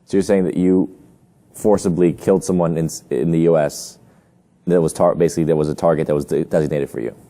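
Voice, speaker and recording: Deep-voiced man asking quick questions. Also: steady tone, warm tone. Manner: brief, probing questions. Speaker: interviewer. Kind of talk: interview questions.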